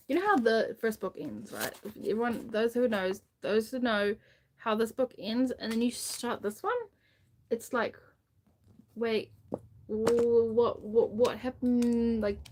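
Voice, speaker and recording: A woman's voice: a little high, slight background noise. A woman chatting casually on a live book stream, rambling enthusiastically with many restarts and fillers. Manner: gushing enthusiasm about a book.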